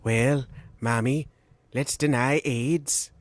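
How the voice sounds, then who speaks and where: A man doing an impression of a doddering, folksy elderly president, drawling slowly and calling someone mommy. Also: mid-range voice, steady tone, no echo, close to an everyday voice.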